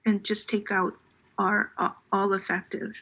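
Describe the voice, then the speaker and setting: A woman on a health board discussing wording in a meeting, talking in halting starts and restarts. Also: medium pitch, flat delivery, sharp tone, lo-fi sound.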